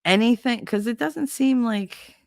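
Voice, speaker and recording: A middle-aged podcast host with a New York accent tells a casual story in a slightly high, unhurried voice with vocal fry. She's animated and blunt, laughs often, and acts out what people said.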